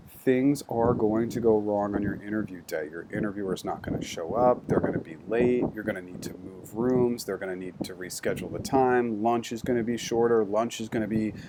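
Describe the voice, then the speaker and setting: A career coach with a lowish voice gives a structured yet conversational lesson on job interview skills, working through numbered points. Background noise is audible.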